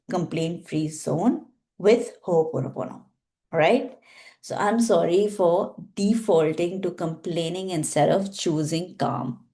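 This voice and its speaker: Brief: woman healer guiding a practice, low and mellow, slow deliberate affirmations.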